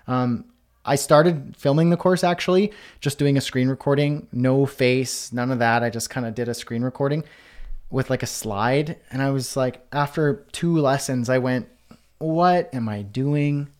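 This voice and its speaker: A man's voice: medium pitch, fairly even intonation, moderate pace, darkish tone. A man hosting a live online Q&A, reading out viewers' comments and answering in a casual, chatty way with many fillers and restarts. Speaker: host.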